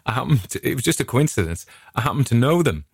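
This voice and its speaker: A man's voice: medium pitch, big pitch swings, fast, creaky, husky, no echo, studio quality. A middle-aged English man chatting casually, a digressive and friendly storyteller who hosts his own show. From England. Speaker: podcast host. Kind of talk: casual rambling chat.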